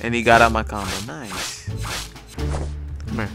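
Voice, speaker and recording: A man's voice: on the low side, unhurried. Slangy young man commentating gameplay. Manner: excitable, slangy, talks to viewers while playing. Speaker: gaming YouTuber. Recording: game music playing behind. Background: video game music.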